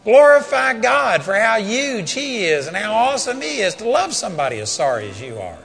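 A man's voice: sits high, big pitch swings, normal speed, gravelly, fairly bright tone, faint music behind. An older man preaching a sermon, telling a personal story and building to emphatic calls to his listeners. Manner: storytelling, rising to emphatic exhortation.

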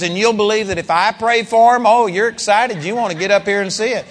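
Male Bible teacher, live seminar sermon, fairly high voice, long hall reverb, emphatic. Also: quick pace, few pauses, a little hiss or hum. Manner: animated, emphatic preaching with acted-out quotes.

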